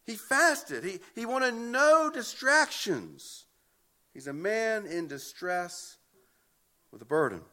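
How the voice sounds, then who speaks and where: A man's voice: sits high, very animated, takes it slowly, bright, forceful tone. A man preaching an expository sermon, emphatic and often repeating words as he builds a point. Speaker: pastor.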